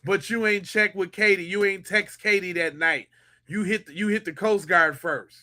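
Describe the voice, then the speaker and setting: A man's voice: high voice, normal speed, pushed and bright. A middle-aged man hosting a podcast, giving mocking, incredulous, slangy commentary on a clip.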